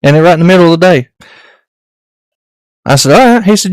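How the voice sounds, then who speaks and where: A man's voice: fairly high pitch, animated, fast talker, dry recording. A man, an easygoing podcast host chatting and asking folksy questions. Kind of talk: casual chat.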